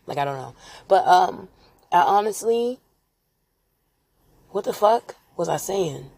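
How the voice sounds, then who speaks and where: A woman's voice: lowish voice, animated, slow pace, vocal fry, darkish tone, husky. A woman ranting into a voice memo, swearing heavily and talking to herself about work and money. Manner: heavy swearing, agitated ranting. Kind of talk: profane rambling voice memo.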